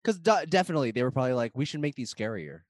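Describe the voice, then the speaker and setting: Man, podcast co-host, teasing, laughs a lot, animated pitch. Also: very fast. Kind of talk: casual group chat.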